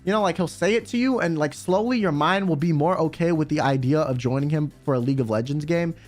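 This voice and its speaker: A man's voice: a little high, fast talker, faint music behind. A young man streamer giving casual, joking commentary with lots of swearing. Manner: animated, profane, joking.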